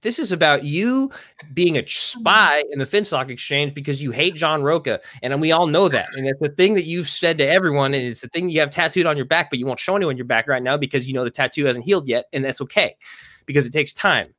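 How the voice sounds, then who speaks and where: Casting: bright, fairly high male voice, heated mock-debate contestant, dry close sound. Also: quick pace, no room sound. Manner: heated, accusing, mock-wounded.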